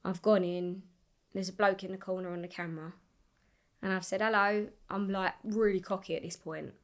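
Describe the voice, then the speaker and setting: A young woman, a singer, telling her story in a casual interview, animated and swearing freely as she acts out what people said. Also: mid-range voice, normal speed. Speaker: singer guest.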